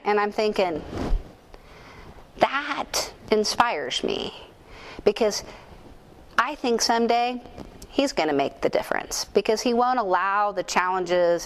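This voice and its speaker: A middle-aged woman speaking at a conference, telling a personal story in a candid, self-deprecating, animated way. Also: mid-range voice, slight background noise. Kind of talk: storytelling keynote talk. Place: conference room.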